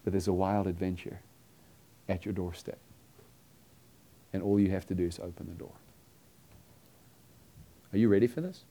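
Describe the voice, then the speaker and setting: A man preaching a sermon, earnestly telling a story and acting out the dialogue, sometimes dropping to a hushed tone. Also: sits low, steady tone, moderate pace, long pauses.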